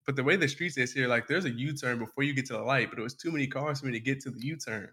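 A man's voice: medium pitch, very fast, sharp tone, husky. A man co-hosting a podcast, telling a story in laid-back casual chat, full of slang and swearing. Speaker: podcast co-host.

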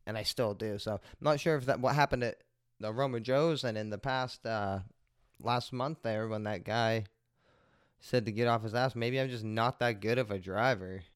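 Man, podcast host, rambling casual story, lots of swearing, low smooth voice, dry close mic. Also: dry recording. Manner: laid-back, profane, meandering. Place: at home, smoking while recording. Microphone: close desk microphone.

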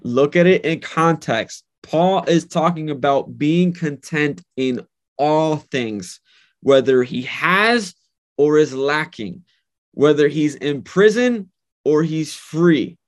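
A man's voice: on the high side, animated, takes it slowly. A man preaching a sermon and leading a prayer, earnest and emphatic, often repeating his words. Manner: earnest, repetitive, emphatic phrasing. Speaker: pastor.

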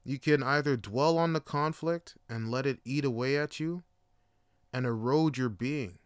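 Clear-voiced man in a rambling, profane monologue. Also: medium pitch, a little slow, no echo, studio quality. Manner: rambling and profane, full of fillers. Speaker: podcast host. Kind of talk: casual storytelling monologue.

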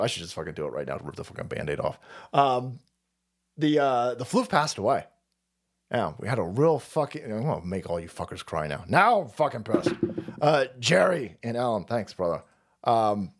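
Profane rambling man, lively pitch. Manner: profane, rambling, self-mocking. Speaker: livestream host. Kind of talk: rambling casual livestream chat.

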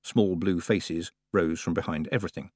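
A man narrating an audiobook in a lively, expressive storytelling manner. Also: low-pitched, normal speed, no room sound, clean studio sound.

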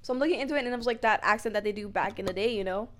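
A woman's voice: mid-range voice, racing. A young woman co-hosting a podcast in casual chat, telling stories full of "like" fillers. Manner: chatty, lots of "like" fillers, animated storytelling. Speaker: podcast co-host.

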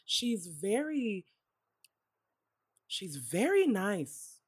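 Animated woman co-host, casual film recap, pitch swings all over, salty language. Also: extremely slow, slightly rough. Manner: animated, swearing, laughing, acting out reactions. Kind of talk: casual chat recapping a movie.

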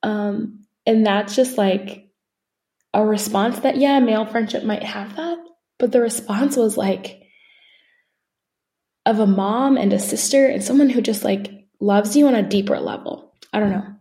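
Mellow-voiced woman telling a personal story. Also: medium pitch, a little slow. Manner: conversational, many fillers and asides. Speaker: podcast co-host.

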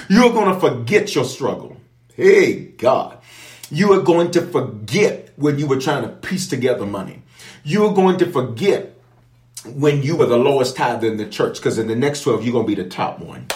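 A man's voice: mid-range voice, animated, moderate pace, darkish tone, reverberant. A man, a bishop, leading an online prayer that turns into Bible teaching. He preaches with an emphatic, repetitive cadence, making prophetic declarations and speaking straight to his viewers. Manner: speaks directly to an online audience.

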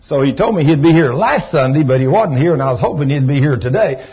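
Folksy preacher, husky voice. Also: male voice, fairly high pitch, fast. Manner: folksy, animated, rising to shouts of praise. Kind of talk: storytelling sermon. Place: church. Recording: dull lo-fi church recording.

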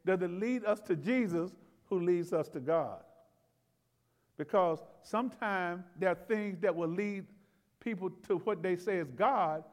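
High-voiced pastor preaching in a reverberant hall. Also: male voice. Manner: conversational and folksy, laughs and repeats words; rises to loud exclamations for emphasis. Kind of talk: expository sermon.

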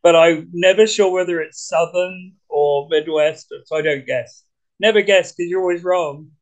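A man with a British accent, talking as a podcast guest in an energetic, blunt way, swearing casually. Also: high-pitched, normal speed, low-quality recording. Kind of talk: casual conversation.

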